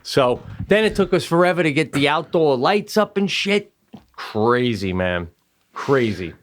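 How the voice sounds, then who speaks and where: A man with a fairly high voice tells a rambling story on a casual podcast, full of fillers and swearing. He gets animated and shouts when he acts out what people said. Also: a little slow. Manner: animated, raises voice sharply when acting out quotes. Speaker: podcast co-host.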